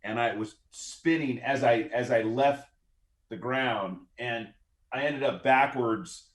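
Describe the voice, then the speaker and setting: A middle-aged man as a podcast guest, telling stories in an easygoing, relaxed way. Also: mid-range voice, slow pace. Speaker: guest, former Olympic skier. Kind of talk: casual interview conversation. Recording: roomy, echoey room sound.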